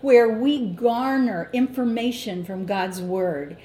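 A middle-aged woman teaches from scripture in an unhurried, deliberate sermon. Her voice is warm and dark-toned. The recording sounds roomy, with a faint ambient hum behind her. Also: a little high. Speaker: Bible teacher. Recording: echoey room with faint ambience.

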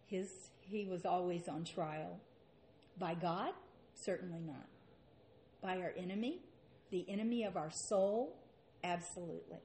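A woman's voice: on the low side, measured pace, long pauses, warm tone, a little hiss or hum. A woman preaching a sermon and reading scripture aloud, with an earnest manner and rhetorical questions.

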